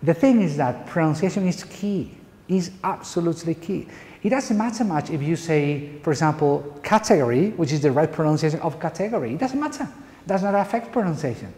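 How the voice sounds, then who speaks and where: Spanish-accented male pronunciation lecturer, mellow, slightly high voice, long hall reverb. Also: lively intonation, brisk. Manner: emphatic, playful lecturing with rhetorical questions. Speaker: pronunciation teacher. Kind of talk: lecture to university teachers.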